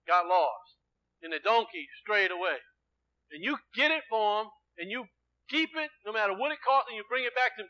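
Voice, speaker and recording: A male preacher with a high, bright, ringing voice delivers an emphatic sermon. He keeps quizzing his listeners with questions and swings between loud exclamation and low, quiet explanation. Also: rough recording.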